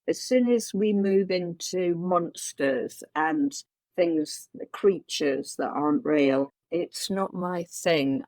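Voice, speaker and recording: A woman's voice: on the low side, lively intonation, takes it slowly, gravelly, darkish tone, dry recording. Earnest woman telling a long story. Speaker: makeup designer, guest. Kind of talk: conversational interview answers.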